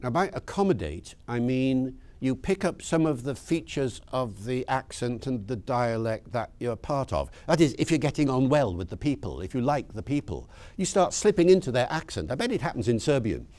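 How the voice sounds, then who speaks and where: A man's voice: mid-range voice, normal speed. An older man with a posh British accent, interviewed as a linguist and explaining at length. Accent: posh British English. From Wales. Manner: lively lecturing, shifts into other accents to demonstrate.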